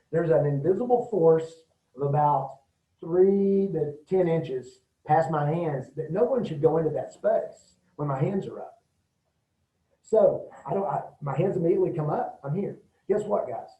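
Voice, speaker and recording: Middle-aged man, folksy instructor, mellow voice, recorded from a distance in a roomy space. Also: on the high side. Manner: folksy, demonstrative, acts out quick quoted bits. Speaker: martial arts instructor. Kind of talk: casual safety talk to an audience. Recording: roomy, distant, dull lo-fi sound.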